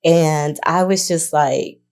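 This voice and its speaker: A woman's voice: deep voice, steady tone, slow, darkish tone. A woman co-hosting a podcast in casual chat, moved and sometimes choked up as she talks. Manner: emotional, chokes up while speaking. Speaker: podcast co-host.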